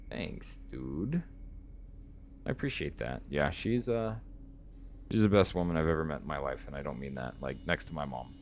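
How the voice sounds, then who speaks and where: A man's voice: very deep voice, expressive, normal speed, a little hiss or hum. A man in his thirties chatting on a live game stream, earnest and openly emotional, rambling as he talks to his viewers. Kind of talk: casual live-stream chat.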